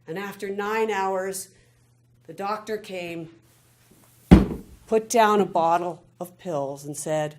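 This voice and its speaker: A middle-aged woman giving a prepared personal speech, telling her story in a slow, measured way with pauses. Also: medium pitch. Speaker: club speaker. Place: meeting room. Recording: echoey room, faint background noise.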